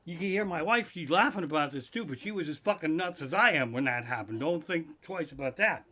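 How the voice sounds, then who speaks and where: Live-streaming from his living room, a middle-aged man tells a profane comic story that escalates into loud, cursing rants. His voice sits on the high side, and he speaks briskly and with animation.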